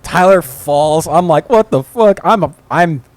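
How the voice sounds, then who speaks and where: A man's voice: a little high, expressive, a little slow, dry recording. A man co-hosting a podcast, chiming in with profane jokes and his own stories in casual banter. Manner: profane, joking interjections. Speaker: podcast co-host.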